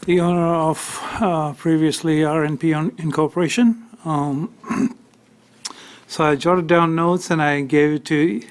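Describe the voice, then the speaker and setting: A man testifying at a tax appeal hearing, halting and full of fillers as he grows emotional telling his story. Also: on the high side, little pitch movement, clean tone. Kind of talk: unscripted testimony.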